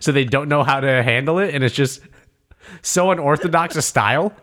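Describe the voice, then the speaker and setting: A man in casual podcast chat, joking around and acting out shouted coaching. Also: a little high, brisk.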